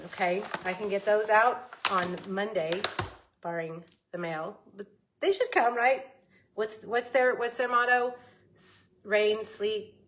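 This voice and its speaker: A woman's voice: a little high, fairly bright tone. A middle-aged woman with a scratchy voice from a head cold, hosting a casual craft livestream, chatty and rambling with frequent laughs.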